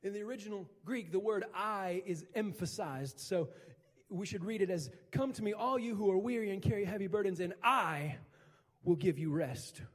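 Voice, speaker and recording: A middle-aged male pastor delivers a sermon in a notably high voice. He drives his points home with emphatic, repeated phrases. His words carry a long reverb, as if filling a large church sanctuary. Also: a little fast, darkish tone. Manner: preaching with rising, emphatic repetition.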